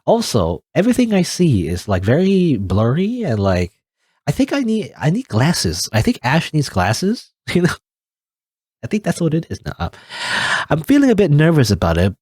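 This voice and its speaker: A young man casually rambling through a game, self-deprecating and quick to laugh. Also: fairly high pitch, huge pitch swings, darkish tone, breathy edge, no echo, clean studio sound. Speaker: let's play gamer. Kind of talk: casual gameplay commentary.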